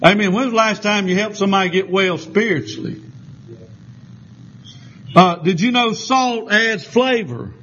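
A man's voice: high-pitched, unhurried, long pauses, fairly bright tone, highs cut off, a little hiss or hum. A man with a Southern US accent preaching a folksy sermon, telling homespun stories with a drawl and chuckles.

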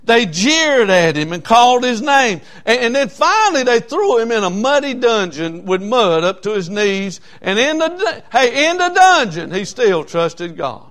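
Preacher man, high voice, hammering points over and over, lots of uh uh. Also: sing-song, a little slow, hardly any pauses, a bit bright. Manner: emphatic preaching with repetition and frequent "uh" fillers. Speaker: pastor. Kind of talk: sermon. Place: church.

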